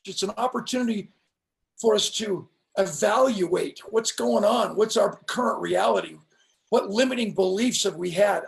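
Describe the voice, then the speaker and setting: Gravelly, high-pitched male motivational speaker. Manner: emphatic, preacher-like cadence with slowed punch lines. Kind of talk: storytelling on a live stream interview.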